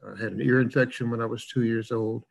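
A man's voice: medium pitch, fairly even intonation, fast talker, vocal fry, slightly rough, poor audio. An older man from the American South with a plain Midwestern-sounding accent, lecturing in an online class in a chatty, rambling way with lots of fillers.

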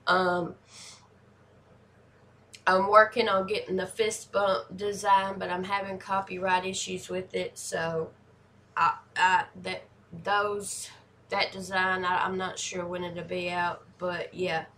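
A woman in her forties hosting a reaction video, chatting casually and hyping things up with excitable energy. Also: fairly low pitch, slow, a little hiss or hum. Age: 40s.

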